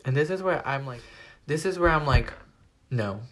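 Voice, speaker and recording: A teenage young man telling a personal story to his vlog audience in a rambling, animated way, packing nearly every phrase with "like.". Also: fairly high pitch, brisk. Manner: rambling, animated retelling full of "like". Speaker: vlogger. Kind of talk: storytime retelling.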